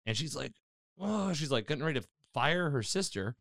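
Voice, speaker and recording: A man's voice: a little high, fairly quick, gravelly, no echo, clean studio sound. A man hosting a casual chat, retelling a TV episode with lots of fillers and acted-out quotes. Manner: animated storytelling, acting out quotes, many fillers. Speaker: podcast host recapping a TV episode.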